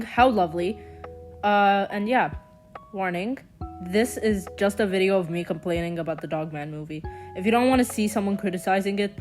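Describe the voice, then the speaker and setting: A young woman giving a chatty, casual voice-over commentary with quick sarcastic asides. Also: mid-range voice. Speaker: commentary vlogger.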